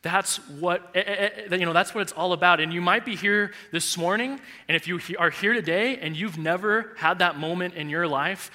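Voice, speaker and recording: A male pastor in his thirties preaching a sermon in a large church, telling a personal story with animated, heartfelt delivery. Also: high-pitched, normal speed, hardly any pauses. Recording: echoey church hall reverb.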